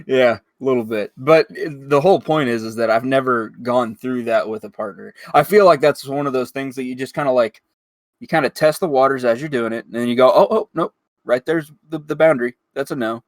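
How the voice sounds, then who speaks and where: A man's voice: mid-range voice, fairly quick, dry recording, clean studio sound. A young man co-hosting a podcast, blunt and wisecracking in casual chat. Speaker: podcast co-host.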